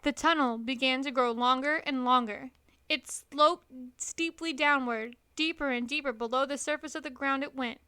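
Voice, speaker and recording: Bright high-voiced woman reading a storybook aloud. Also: moderate pace, clear, resonant tone, no echo. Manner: expressive, lively reading. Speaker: storybook reader.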